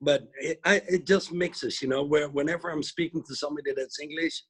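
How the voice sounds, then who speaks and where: A man's voice: a little high, fairly quick, fairly bright tone, slightly rough. A man from the Netherlands with a Dutch accent, a guest instructor in a casual video call interview, talking in a chatty, hesitant way. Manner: chatty, hesitant, with lots of "you know, like" fillers.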